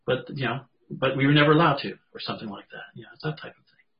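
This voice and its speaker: A man leading a group meditation session over a video call, talking in a gentle, chatty way and acting out inner voices. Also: medium pitch, rapid-fire. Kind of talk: casual group guidance. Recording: dull lo-fi video call audio.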